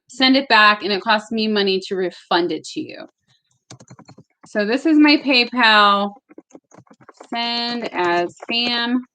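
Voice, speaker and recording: Young woman, high voice, unhurried, chatty tarot live-streamer in her bedroom, bubbly and giggly. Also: pushed and bright. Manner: bubbly, greets chat viewers by name, laughs often. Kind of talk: casual live-stream chat.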